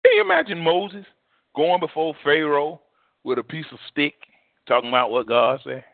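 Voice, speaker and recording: A male pastor preaching a sermon in an animated, repetitive, vernacular way. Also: a little high, normal speed, gravelly, no room sound. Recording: tinny phone-like dry recording.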